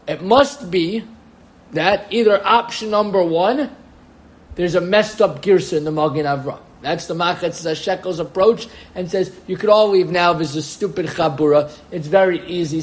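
A man teaching a lively class, asking questions and working through the texts. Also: sits high. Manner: lively, questioning, drops to mutters. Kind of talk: Talmudic lecture to students.

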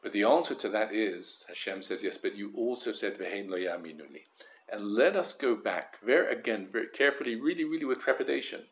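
A man giving a Torah lesson, careful and measured, stressing key words and often repeating himself as he weighs a point. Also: on the low side, expressive, a bit bright. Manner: careful, measured, with frequent word repetitions. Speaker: Torah teacher. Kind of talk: Torah lesson on the weekly portion.

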